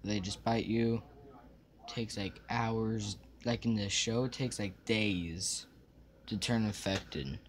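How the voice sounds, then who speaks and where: A man's voice: fairly low pitch, steady tone, slow pace. A young man vlogging casually from a small room at home, rambling with lots of fillers and restarts, forgetting what he meant to say.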